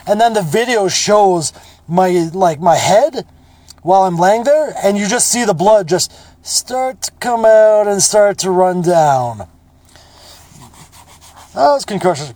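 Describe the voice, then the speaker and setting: High-voiced, profane man, dry sound. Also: darkish tone, no room sound. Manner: profane, rambling, blunt. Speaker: podcast host. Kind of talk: casual storytelling monologue.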